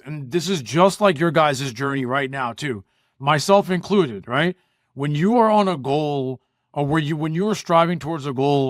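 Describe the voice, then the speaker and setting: A man's voice: medium pitch, fairly bright tone, no echo, studio quality. A man hosting a podcast, giving an emphatic, conversational motivational monologue full of repetition and "right?". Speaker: podcast host.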